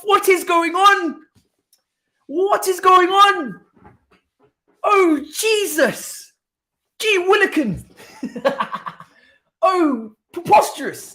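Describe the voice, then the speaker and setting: A man putting on the voice of a prim gentleman crying out in shocked disbelief, stretching each exclamation out. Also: exaggerated voice. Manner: drawn-out, high exclamations.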